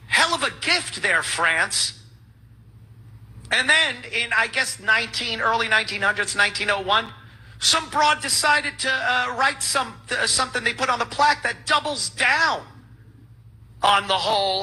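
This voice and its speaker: A man's voice: very high-pitched, lively intonation, unhurried, bright, forceful tone, husky, rough recording. A man hosting a talk show, delivering a sarcastic, ranting monologue full of mocking asides.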